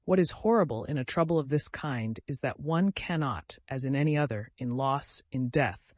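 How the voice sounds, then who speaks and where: A man's voice: medium pitch, animated, a little mellow, no room sound, lightly acted. A man playing a stiff cold aristocratic husband. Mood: bitter. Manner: measured, formal, clipped.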